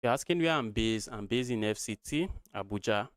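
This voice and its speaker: A man's voice: on the low side, animated, brisk, smooth, no echo. A young man from Nigeria streaming live chess, thinking aloud through lines of play and talking to his viewers as guys.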